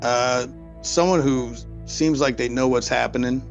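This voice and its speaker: A man answering a game master casually as he plays his character. His voice is gravelly with mid pitch, and faint music runs underneath. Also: fairly even intonation, measured pace. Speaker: player. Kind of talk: playing a character in a tabletop game.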